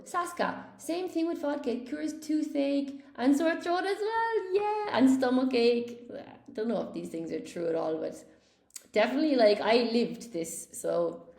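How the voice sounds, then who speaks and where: A woman's voice: a little high, gravelly, a little mellow, echoey room. A woman teaching a live online English lesson, chatting with viewers, reading their comments aloud and stressing corrections emphatically. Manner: emphatic when correcting mistakes.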